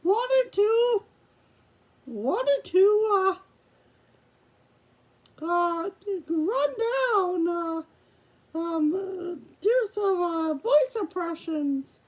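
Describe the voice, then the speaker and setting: A high-voiced, sheepish puppet son hems and haws in a homemade puppet show, voiced by a young woman. He talks slowly and keeps stumbling over fillers. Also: expressive, exaggerated voice. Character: hesitant grown son of the mouse dad, sheepish.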